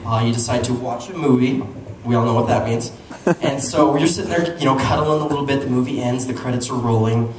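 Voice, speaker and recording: A man's voice: medium pitch, a little fast, hardly any pauses. A young man from Utah performing a stand-up comedy set, telling stories and talking to the crowd. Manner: animated storytelling with audience asides. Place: comedy club stage. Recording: echoey live room, mic at a distance, noisy. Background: audience laughter and room noise.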